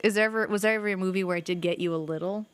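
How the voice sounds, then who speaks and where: A young woman streams a video game, rambling through casual stories with animated delivery, lots of "like" and the odd swear. Her medium-pitched voice is very fast, clear and resonant.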